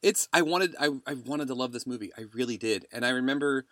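A man's voice: mid-range voice, quick pace, bright, forceful tone, no echo. A man hosting a podcast in casual chat, telling stories animatedly and laughing along the way. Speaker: podcast host.

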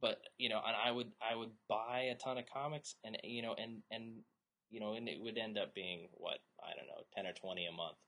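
A man's voice: lowish voice, a little fast, sharp tone. A man in his thirties co-hosting a casual podcast, rambling and joking, now and then slipping into silly voices. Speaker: podcast co-host.

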